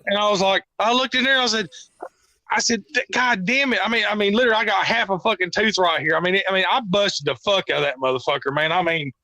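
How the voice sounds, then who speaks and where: A man with a high voice rambles through tales as a podcast guest, swearing constantly. His tone is bright and forceful, and the sound is close and dry with no room echo. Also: fast. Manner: rambling, profane storytelling. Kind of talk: casual chat.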